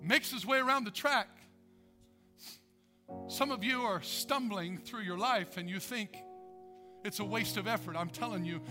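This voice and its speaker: A man's voice: extremely high pitch, animated, normal speed, long pauses, over music. A man preaching a sermon as pastor, with an emphatic, repetitive cadence.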